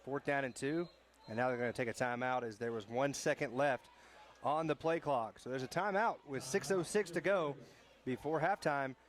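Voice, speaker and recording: A man doing brisk play-by-play commentary on a high school football game. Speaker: play-by-play announcer. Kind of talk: sports commentary.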